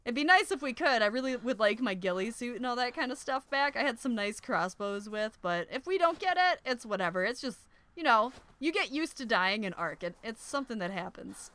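Narrating her survival game playthrough for a let's play, a young woman chats casually between bursts of panicked shrieking at danger. Her voice is on the high side and animated, with a fairly bright tone, normal speed, and no echo in the audio.

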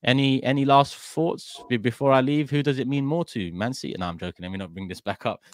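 A man's voice: mid-range voice, quick pace, no room sound. A man with a London accent hosting a casual football chat show, reading fan messages and laughing often. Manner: laughs often, upbeat sign-off patter. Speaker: host.

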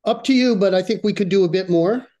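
A man's voice: high voice, warm tone. A man moderating a talk, answering casually about the time left. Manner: loose, unhurried, with fillers. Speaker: session moderator. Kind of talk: casual aside.

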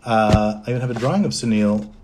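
A man's voice: lowish voice, fast talker, background noise. A middle-aged man from Canada, a voice actor, chatting casually on a livestream, reading out fan comments and answering them.

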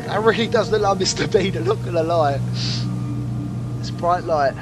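A man's voice: on the high side, sing-song, moderate pace, rough recording. A man hosting a horror game playthrough, rambling nervously to viewers and panicking at scares. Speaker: gaming video host. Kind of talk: horror game let's play commentary. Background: game music.

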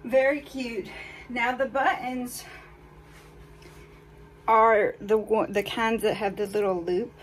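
A woman's voice: on the high side, fairly even intonation, takes it slowly, long pauses. A woman chatting candidly to her viewers during a clothing try-on haul. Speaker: fashion haul vlogger. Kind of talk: casual try-on haul chat. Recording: voice a bit far from mic, faint background noise.

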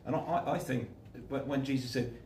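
A man's voice: medium pitch, steady tone, brisk, darkish tone, slight background noise. A man preaching an informal sermon, telling stories and acting out the voices of the people in them. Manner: chatty, acts out the voices in his stories. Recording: echoey room, voice from a distance.

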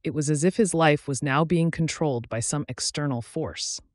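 A man narrating his own story like an audiobook, reading at a measured, steady pace. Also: fairly high pitch, dry recording, studio quality.

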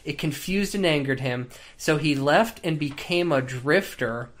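Man, podcast co-host, easygoing, laughs easily, slightly high voice. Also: measured pace, fairly bright tone. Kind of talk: casual chat.

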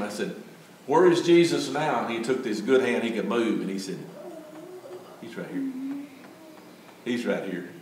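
A man's voice: on the low side, slight background noise. An older man, telling a folksy testimony story as a church speaker. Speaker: Gideons speaker. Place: church sanctuary. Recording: echoey church from far off.

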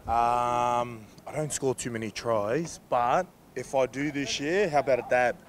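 A man's voice: mid-range voice, unhurried. A young Australian man, a rugby league player, chatting playfully outdoors and throwing questions back at the interviewer. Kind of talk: casual interview chat.

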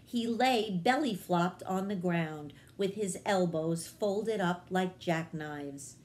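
Children's librarian, female, storybook read-aloud; calm, low, very slow delivery.

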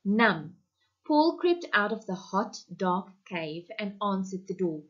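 A woman teacher from South Africa, reading a story aloud to her class in an online lesson with deliberate, expressive storytelling. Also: medium pitch. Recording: muffled lo-fi recording.

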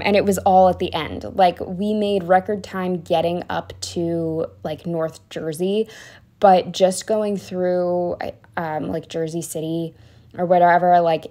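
A young woman narrates her planner spread in a casual, rambling voice-over. Her voice sits on the low side for a woman, and she peppers her talk with ums and likes as she chats along. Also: a little mellow. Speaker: planner vlogger.

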